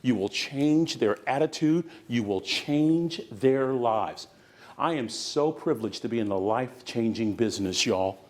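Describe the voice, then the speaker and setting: This Bay Area man speaks at a medium pitch with lively intonation and a measured pace. As a motivational speaker, he gives a keynote to a live conference audience, using call-and-response like a preacher.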